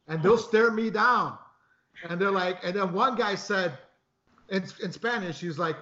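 Guy telling stories, cusses a lot, kinda high voice, echoey room, dull sound. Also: a little slow. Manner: animated storyteller, swears a lot. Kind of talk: casual chat.

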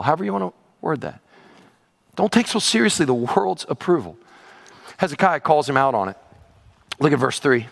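A man preaching a sermon in an animated, conversational way, with playful asides and direct questions to the congregation. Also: mid-range voice, a little fast, gravelly, long pauses. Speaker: pastor.

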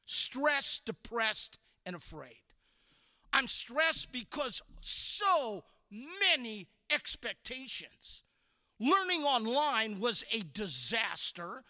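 A man speaking as a guest youth speaker to students, animated and coaxing, calling out prompts for the audience to repeat. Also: extremely high pitch, extremely slow. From from the Chicago area. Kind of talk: energetic chapel talk to students.

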